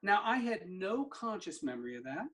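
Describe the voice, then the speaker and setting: A man's voice: high-pitched, sing-song, moderate pace, fairly bright tone. A middle-aged man, a therapy practitioner, telling a personal story in conversation and acting out the dialogue he remembers. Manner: vivid storyteller who acts out remembered dialogue. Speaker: somatic therapy practitioner, guest.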